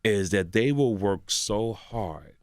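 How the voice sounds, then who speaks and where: An older man, a guest comedian on a radio show, telling stories excitedly, slipping into other people's voices and laughing while he talks. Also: on the low side, slow pace, dry recording, studio quality. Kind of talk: animated radio interview storytelling. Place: radio studio.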